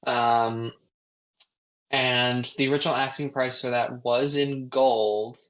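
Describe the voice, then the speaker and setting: A man's voice: mid-range voice, steady tone, slow pace, fairly bright tone, poor audio. A man narrating as game master for a tabletop game, loose and full of ums and uhs. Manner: loose, filler-heavy narration.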